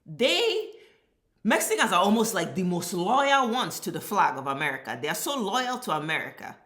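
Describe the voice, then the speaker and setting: A woman rants on camera in blunt, heated, profanity-heavy commentary. Her voice is bright and forceful, and it bounces around an echoey room. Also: mid-range voice, sing-song, normal speed. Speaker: vlogger. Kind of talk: ranting social commentary.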